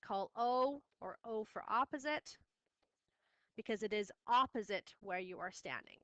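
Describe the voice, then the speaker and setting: A woman's voice: medium pitch, moderate pace, pushed and bright, no room sound, muffled recording. A woman teaching a math lesson, firm and repeating key steps for her students. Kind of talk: classroom lesson recording.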